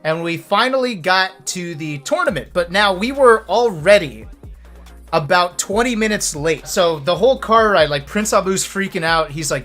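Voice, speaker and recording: A man with a high, bright voice tells stories in a loose, casual way. He acts out his friends' lines in quick, animated bursts. Faint music plays under him. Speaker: streamer telling stories. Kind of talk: casual storytelling.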